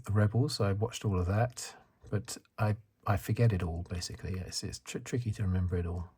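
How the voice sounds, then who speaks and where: A soft-spoken man in his fifties from the UK chats in a low, mellow voice with an extremely smooth, resonant tone. He rambles and corrects himself as he goes, in a relaxed ASMR style. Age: 50s. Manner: rambling, self-correcting, chuckles. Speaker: ASMR channel host.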